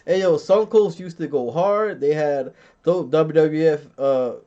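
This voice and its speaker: A man's voice: fairly high pitch, measured pace, warm tone. A man in his thirties hosting a podcast, chatting casually, joking and swearing as he reads chat comments and tells stories. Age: 30s. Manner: profane, joking storyteller who laughs often. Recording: dull lo-fi sound.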